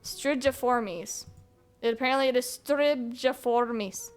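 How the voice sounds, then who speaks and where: Playful high-voiced woman streamer. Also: unhurried, fairly bright tone. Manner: playful, rambling, chuckling to herself. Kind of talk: casual chat while gaming. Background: faint game music.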